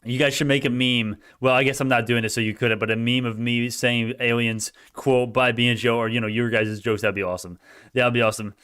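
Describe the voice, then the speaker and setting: This live stock commentator talks with viewers in a mid-range voice that's clean and a little fast, with a flat delivery. Even so, he veers between mumbled asides and loud cheering, disputes comments, and laughs frequently.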